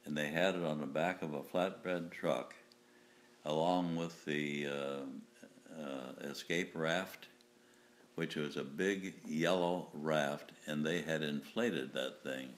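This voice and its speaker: Older male veteran, very low voice, halting storyteller, faint room ambience. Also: fairly even intonation, slight background noise. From United States. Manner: halting, with restarts and chuckles. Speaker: WW2 veteran interviewee. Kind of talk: recounting war memories.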